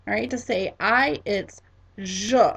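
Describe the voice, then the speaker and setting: A woman teaching a class, slow and patient, spelling each word letter by letter and repeating it for students to echo. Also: mid-range voice, animated. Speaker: French teacher. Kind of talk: classroom lesson.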